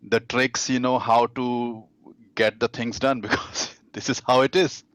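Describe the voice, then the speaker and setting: A man with an Indian accent, a dating coach talking as a guest in a casual interview, halting, with many fillers and restarts. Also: mid-range voice, steady tone, a bit bright, no echo.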